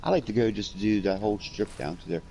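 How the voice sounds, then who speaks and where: Man, casual chat, blunt and profane, low voice, faint background hiss. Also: quick pace, creaky, rough recording. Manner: blunt and profane, acts out quoted confrontations loudly. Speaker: friend chatting.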